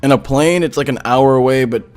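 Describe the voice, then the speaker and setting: A man narrating a story as a gaming YouTuber, indignant and excitable as he retells chat messages. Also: mid-range voice, fairly quick.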